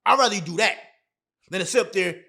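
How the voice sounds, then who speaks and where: High-pitched young male vlogger, emphatic motivational advice, repeats his punchlines, slangy and blunt. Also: quick pace, gravelly, pushed and bright, slightly rough. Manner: emphatic and repetitive, heavy slang. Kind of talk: motivational advice talk to camera.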